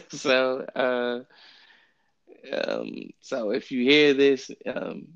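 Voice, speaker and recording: A man hosting a casual Bible study podcast, talking in a relaxed, rambling way with plenty of fillers, recorded remotely on his phone. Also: mid-range voice, very slow, vocal fry, muffled recording. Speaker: podcast host. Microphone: phone app, remote recording.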